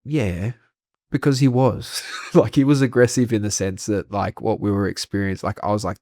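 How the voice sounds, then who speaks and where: An Australian man with a somewhat low voice, speaking frankly and swearing freely as he recounts his story. The sound is dry and close to the mic, with no room echo. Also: steady tone, normal speed, mellow. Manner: frank, swears freely, laughs through hard memories. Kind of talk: candid conversational storytelling.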